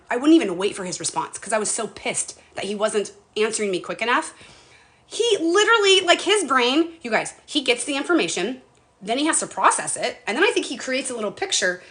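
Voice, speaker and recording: A woman's voice: on the high side, sharp tone. A middle-aged woman chatting casually on a home live stream, bubbly and talkative, greeting viewers by name.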